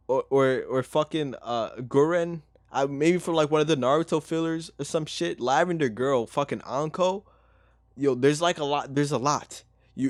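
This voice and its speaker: A man casually reading a fan story aloud and breaking off for profane, incredulous commentary, often laughing. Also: mid-range voice.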